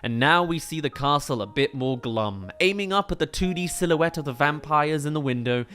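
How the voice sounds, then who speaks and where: A man's voice: a little high, expressive, moderate pace, bright, forceful tone. A man giving detailed, enthusiastic film analysis commentary as a reviewer.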